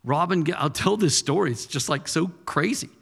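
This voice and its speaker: A man in his thirties preaching in a conversational style, punchy and rising to forceful declarations. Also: fairly high pitch, expressive, normal speed, vocal fry, husky, long reverb tail. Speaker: pastor. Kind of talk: sermon.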